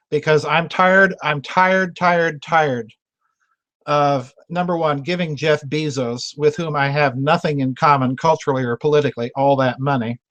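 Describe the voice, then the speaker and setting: A man's voice: on the high side, fairly even intonation, measured pace, fairly bright tone. A man hosting a members' video chat, talking casually, laughing often and repeating himself as he goes. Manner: chatty and self-mocking, laughs often, repeats words.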